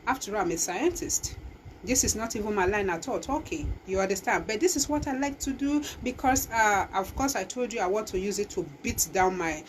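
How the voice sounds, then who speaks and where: A woman's voice: fairly high pitch, slight background noise, low-quality recording. A woman, hosting a motivational talk and exhorting listeners, with frequent restarts. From Nigeria. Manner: emphatic, exhorting, with many restarts. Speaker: talk show host.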